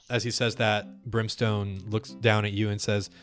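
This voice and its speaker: A man narrating as game master in a measured, descriptive way. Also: on the low side, flat delivery, a bit bright, faint music behind.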